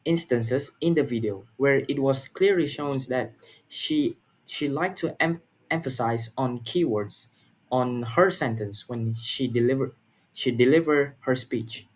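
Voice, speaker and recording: A young man from Malaysia, giving a class presentation in an earnest, halting way, often repeating words and filling pauses. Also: medium pitch. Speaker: student presenter.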